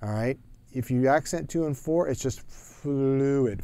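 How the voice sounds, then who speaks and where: A man teaching jazz drumming, explaining in a relaxed way with frequent fillers, in a drum studio. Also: mid-range voice, unhurried. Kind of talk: instructional talk to camera.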